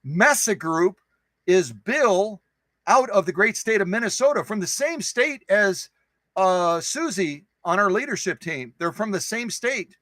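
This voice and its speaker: A man hosts a live stream, chatting casually with viewers, greeting them by name in a playful, goofy way and repeating phrases for fun. His voice sits high and a bit bright, with no room sound and poor audio quality.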